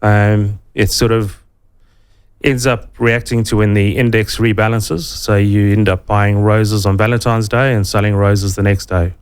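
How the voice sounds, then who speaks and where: A man with a South African accent, a financial adviser explaining investing in a relaxed way, with many ums, in a radio interview. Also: on the low side, unhurried, smooth.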